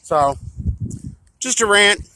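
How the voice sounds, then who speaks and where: A man's voice: sits high, lively intonation, slow pace, pushed and bright, poor audio. A man vlogging a casual rant outdoors while on the way somewhere, blunt and profane, chewing gum as he talks. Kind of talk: casual ranting monologue. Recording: outdoor noise clearly behind.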